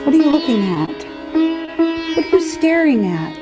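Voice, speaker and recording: A woman's voice: high voice, sing-song, moderate pace, long pauses, over music, poor audio. A woman playing herself in a comic puppet dialogue, sounding weary, reluctant and self-deprecating. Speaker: puppeteer and spiritual teacher.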